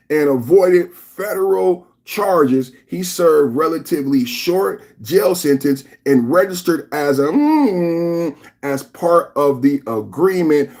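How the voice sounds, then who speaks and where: Heated podcast guy ranting live, bit high voice, keeps repeating himself. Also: a little mellow. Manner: heated, repetitive, rhetorical ranting. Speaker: podcast host. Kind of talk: live reaction podcast rant.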